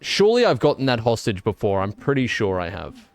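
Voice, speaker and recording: A man's voice: mid-range voice, very animated, brisk. A man with an Australian accent chatting casually while streaming a game, rambling and joking with mock indignation. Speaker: gaming streamer. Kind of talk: casual live-stream chat while playing.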